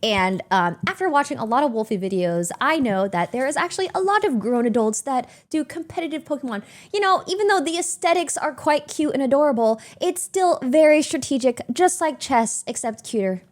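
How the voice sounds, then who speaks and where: A woman streams and talks casually to her chat, answering viewers as she goes. Her voice sits a little high and her delivery is animated and emotional. She is chatty and rambles from one thought to the next. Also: fairly quick, hardly any pauses. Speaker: livestreamer reading chat.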